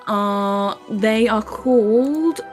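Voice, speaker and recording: A woman's voice: fairly high pitch, extremely slow, faint music behind. A woman co-hosting a live stream who chats casually, explains things at length and swears offhandedly. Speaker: co-host.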